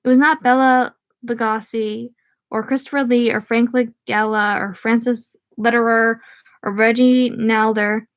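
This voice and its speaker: A woman's voice: on the high side, flat delivery, a little slow, no room sound. Chatty young woman reading aloud. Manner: chatty, scattered asides to viewers. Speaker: read-aloud streamer. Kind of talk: live-streamed book reading with chat asides.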